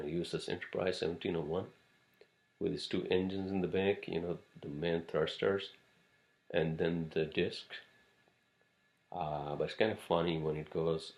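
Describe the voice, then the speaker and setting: A man hosting a casual solo podcast, rambling from topic to topic with frequent swearing and fillers. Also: sits low. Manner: rambling, profane, many fillers and asides. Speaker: podcast host.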